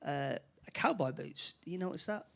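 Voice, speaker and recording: A man co-hosting a relaxed film podcast, recapping a movie scene by scene. He rambles, restarts and repeats words as he goes. His voice sits a little on the higher side. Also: moderate pace, creaky. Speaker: podcast co-host. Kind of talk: casual film chat.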